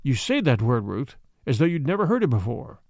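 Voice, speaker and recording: A hard, grim old millionaire father laying down the law to his daughter in an audiobook, voiced by a man reading. His tone is blunt and low for the reader, yet still lively in pitch. The sound is dry and close. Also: a little fast, dry recording.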